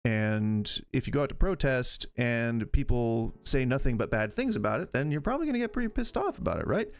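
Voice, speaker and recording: A man with a gravel-edged voice hosts a stream in a relaxed, argumentative way, thinking out loud and circling back as he reacts. His pitch sits right in the middle for a man, and soft music plays quietly underneath. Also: brisk. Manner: opinionated, argumentative, rambles with restarts. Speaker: streamer host reacting to videos. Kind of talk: casual reaction commentary.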